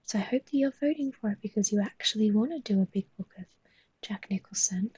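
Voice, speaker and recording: A woman talks in a soft, mostly whispered voice and yawns often as she chats with viewers on a live stream while she draws. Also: mid-range voice, quick pace, slightly rough, no echo.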